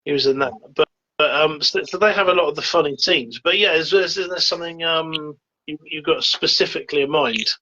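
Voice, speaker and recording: A man's voice: fairly high pitch, brisk, bright, forceful tone. A man chatting casually about films as a co-host, hesitant and full of fillers. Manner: hesitant, many fillers and agreeing yeahs. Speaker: podcast co-host. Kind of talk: casual film chat. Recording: dull lo-fi sound.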